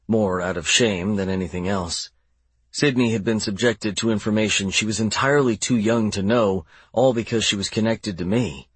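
Husky low-voiced male audiobook narrator. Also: no room sound. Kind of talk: first-person novel narration.

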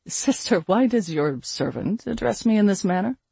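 Man playing a pompous young elf guy, smug and foolish, fairly high voice, gravelly edge. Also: lively intonation, normal speed, mellow, no room sound, heavily acted. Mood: indignant. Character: foolish swaggering young male elf half-brother.

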